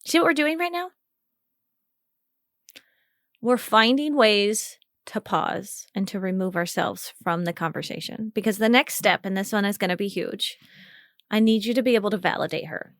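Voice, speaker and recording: A woman's voice: medium pitch, lively intonation, moderate pace, no echo, studio quality. A woman hosting a live coaching call, chatty and encouraging, laughing often as she guides the talk. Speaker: podcast host and communication coach.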